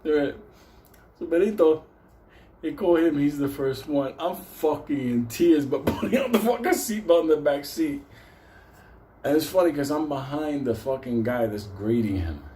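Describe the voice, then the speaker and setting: A man's voice: a little high, expressive, normal speed, mellow, a little hiss or hum. A man telling a casual anecdote, swearing constantly, breaking into laughter and acting out the people in his story.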